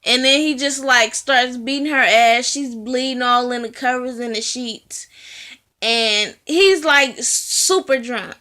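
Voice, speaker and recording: Woman, high voice, unhurried, casual profane movie recap. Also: sharp tone. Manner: chatty, profane storytelling with frequent "you know". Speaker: movie reviewer.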